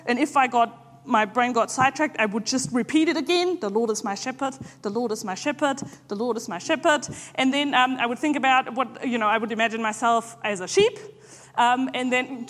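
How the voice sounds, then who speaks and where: High-voiced woman preaching in a reverberant hall. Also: a bit bright. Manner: conversational, halting, many filler pauses. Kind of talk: informal sermon.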